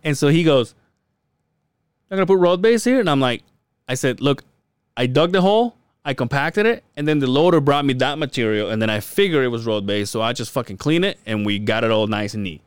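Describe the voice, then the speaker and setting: Animated man telling a work story. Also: medium pitch, brisk, smooth, no room sound, clean studio sound. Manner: animated storyteller, acts out quotes, swears, laughs often. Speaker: podcast co-host. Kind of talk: casual storytelling chat.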